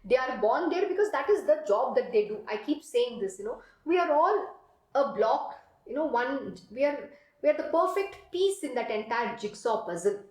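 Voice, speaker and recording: A woman with an Indian English accent leads a devotional discourse in a high, earnest voice, returning again and again to "please remember" and "you know". Her talk carries the echo of a roomy space. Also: very animated, moderate pace. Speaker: spiritual teacher.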